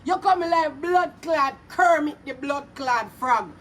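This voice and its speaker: Jamaican woman shouting insults in a vlog rant, lots of swearing, kinda far from the mic. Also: high-pitched, slow. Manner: loud, profane, insulting, often shouting. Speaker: vlogger. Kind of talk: angry social media rant. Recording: voice a little far from mic, faint background noise.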